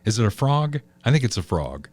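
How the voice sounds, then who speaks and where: A man's voice: medium pitch, sing-song, a little fast, a little mellow, no room sound. A man hosts a political talk show in an easy, storytelling way. His voice sits in a middle range and is recorded dry and close, with no room sound. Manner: chatty, storytelling, opinionated. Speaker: podcast host.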